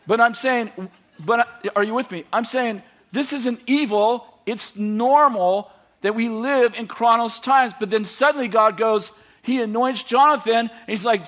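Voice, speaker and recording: A man preaching a sermon, retelling stories with lively acted-out dialogue and laughter. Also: very high-pitched, measured pace. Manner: animated, acts out biblical characters with voices and laughs. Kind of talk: sermon storytelling.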